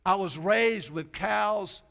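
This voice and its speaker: A male pastor delivers a homespun sermon. His voice sits a little high for a man, and he sinks to a hushed tone whenever he quotes scripture or other people. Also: takes it slowly, vocal fry. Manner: folksy preaching, drops to soft quoted asides.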